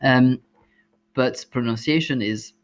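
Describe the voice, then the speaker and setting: A man's voice: mid-range voice, slow pace. A man with a French accent, a language teacher giving exam tips, explaining step by step with frequent ums and uhs.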